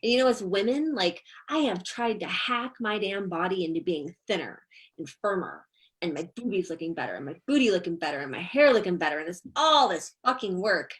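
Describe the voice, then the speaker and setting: A woman's voice: mid-range voice, lively intonation, brisk, fairly bright tone, rough recording. A middle-aged woman hosting a masterclass discussion, blunt, emphatic and freely profane. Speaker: masterclass host. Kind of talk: casual group discussion.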